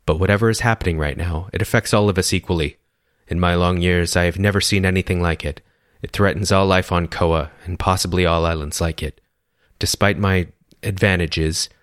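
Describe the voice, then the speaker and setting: Man voicing an ancient aloof woman, steady, strong, composed, storybook reading. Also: sits low, normal speed, dry recording, clean studio sound. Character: calm, aloof woman of great age with strange power.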